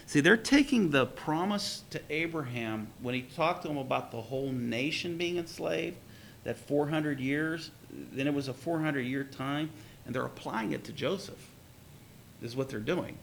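Gravelly man teaching a Bible class. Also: on the high side, animated, normal speed, fairly bright tone. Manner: conversational asides, wry. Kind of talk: teaching a class, reading and commenting.

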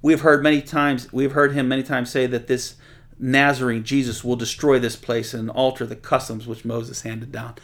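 A man's voice: medium pitch, level tone, normal speed, a bit bright. A man preaching a conversational sermon, reading scripture aloud and explaining it in plain, chatty terms.

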